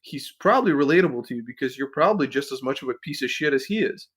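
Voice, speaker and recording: A man's voice: medium pitch, animated, quick pace, fairly bright tone, slightly rough. A man hosting a podcast, ranting bluntly and with plenty of swearing as he critiques a video. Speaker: podcast host. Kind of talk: casual critique chat.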